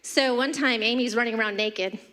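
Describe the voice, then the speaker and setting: A woman's voice: fairly high pitch, moderate pace. A middle-aged woman giving a humorous eulogy for her mother, telling family anecdotes with light laughter at a church podium. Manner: warm anecdotal delivery, laughing between stories. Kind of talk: humorous memorial storytelling. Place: church sanctuary. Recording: long church reverb.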